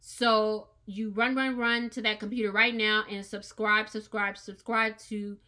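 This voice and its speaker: Bright-voiced, emphatic woman host. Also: medium pitch, little pitch movement, unhurried. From United States. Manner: earnest and emphatic, with repeated words. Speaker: podcast host. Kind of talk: opinion monologue podcast.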